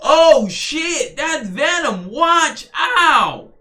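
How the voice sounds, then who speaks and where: A man voicing a hyper excited young male pirate hero, shouting goofy chants and warnings. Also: very high-pitched, extremely slow, voice pushed up, full character voice. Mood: hyped.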